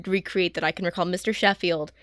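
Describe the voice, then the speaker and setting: A woman co-hosting a podcast in casual chat, animated and teasing, full of fillers. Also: on the low side, quick pace, dry recording, studio quality. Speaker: podcast co-host.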